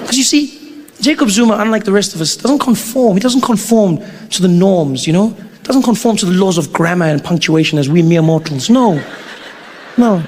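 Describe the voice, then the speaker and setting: A man with a South African accent doing stand-up comedy, telling a story with animated bursts and mock outrage. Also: high-pitched, moderate pace, soft background music.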